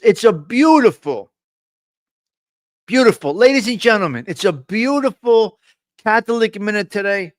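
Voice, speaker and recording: A man's voice: sits high, animated, normal speed, no echo, clean studio sound. A man with a New Jersey accent hosting a casual live-stream chat, brash and profane, joking and talking back to the chat.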